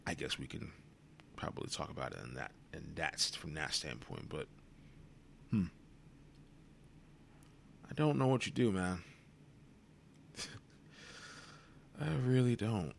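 A man's voice: sits low, expressive, slow, creaky, long pauses, slight background noise. A worn-out young man hosting a solo podcast, rambling wearily and swearing freely, sometimes dropping to a whisper. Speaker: podcast host. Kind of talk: solo reflective monologue.

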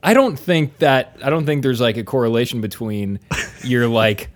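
A man hosts a loose, casual podcast, full of jokes and quick asides. His pitch sits mid-range for a man. He rambles freely, thinking aloud as he goes. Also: expressive. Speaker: podcast host. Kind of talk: casual banter.

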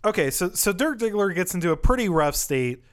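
A man's voice: high voice, sing-song, fairly quick, a bit bright, clear, resonant tone. A young man co-hosting a casual film podcast, rambling and often restarting his sentences. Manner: rambling, self-interrupting. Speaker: podcast co-host.

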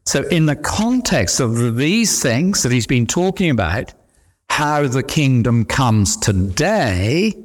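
Animated preacher. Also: male voice, mid-range voice. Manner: animated, emphatic preaching with repeated refrains. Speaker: pastor. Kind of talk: sermon.

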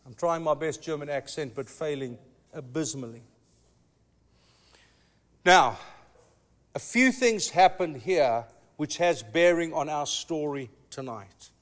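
A pastor preaching a sermon, telling a story with emphatic, slow dramatic pauses. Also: male voice, a little high.

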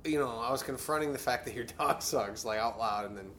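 A man's voice: mid-range voice, brisk, over a noisy crowd. A man co-hosting a casual podcast in a garage, bantering with frequent laughs and self-deprecating jokes. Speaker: podcast co-host. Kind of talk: casual chat. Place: home garage.

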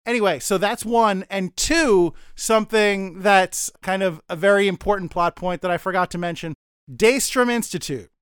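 A man's voice: high voice, a bit bright, smooth, no room sound, studio quality. A man co-hosting a podcast, recapping a TV episode in a rambling, self-deprecating way with mock-dramatic asides. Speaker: podcast co-host.

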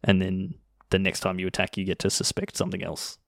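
A man's voice: low voice, completely flat delivery, brisk, gravelly, no room sound, clean studio sound. A man co-hosting a podcast in casual chat, laid-back with short interjections. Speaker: podcast co-host.

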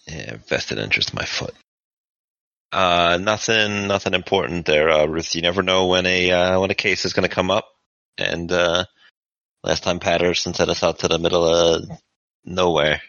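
A man with a very deep, gravelly voice and a sharp edge who speaks in a gruff, wry way as he plays a tabletop game. His voice comes through a dry, slightly dull home mic. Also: normal speed, no room sound. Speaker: player. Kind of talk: playing a tabletop game in character.

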